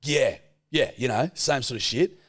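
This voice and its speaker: A man's voice: medium pitch, measured pace, dry recording, studio quality. Sweary Australian man telling a yarn. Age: 30s. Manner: swears freely, animated storyteller. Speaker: podcast co-host. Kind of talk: casual storytelling chat.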